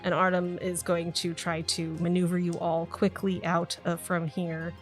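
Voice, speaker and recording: A woman's voice: fairly low pitch, little pitch movement, measured pace, faint music behind. A woman narrating as game master of a tabletop game, chatty and laughing often.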